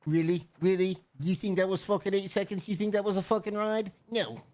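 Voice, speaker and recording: A man's voice: high-pitched, steady tone, fairly quick, darkish tone, voice pushed up, natural voice. A man imitating a brash, scornful woman from Jersey who rides rodeo, scoffing sarcastically.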